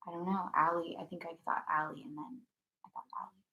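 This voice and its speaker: Bright, giggly woman co-host, playful with whispered asides. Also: on the low side, fairly even intonation, fast, muffled recording. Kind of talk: casual chat. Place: indoor stream setup under hot lights.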